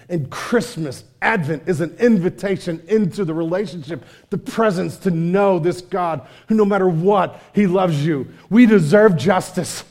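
Man, high voice, pastor, casual lively preaching, hushed asides. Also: normal speed, hardly any pauses. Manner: energetic, conversational preaching with slang; drops to hushed intimate tone. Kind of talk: sermon.

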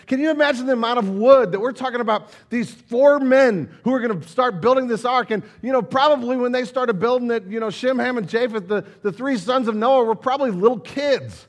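High-voiced man preaching conversationally. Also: fairly quick, hardly any pauses. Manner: conversational, animated, many asides. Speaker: pastor. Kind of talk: sermon, Bible reading and storytelling.

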